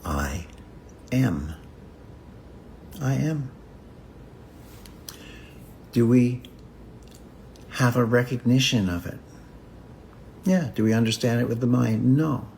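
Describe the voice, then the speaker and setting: A man teaching about healing in a reflective spiritual talk, speaking in slow, repetitive, contemplative phrases with long pauses. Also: mid-range voice, gravelly, a little mellow, slight background noise.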